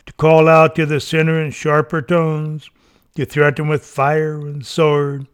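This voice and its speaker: A man reading an old sermon aloud in an earnest, fervent way, his voice rising on each plea. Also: medium pitch. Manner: slow, earnest, fervent delivery with rising pleas. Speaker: reader.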